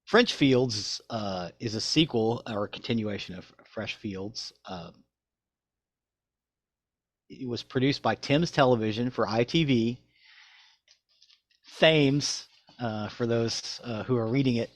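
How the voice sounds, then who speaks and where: A man's voice: medium pitch, unhurried, dry recording. A man co-hosting a podcast, who reads facts aloud from his notes and then chats loosely. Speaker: podcast co-host. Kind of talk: reading show notes and casual chat.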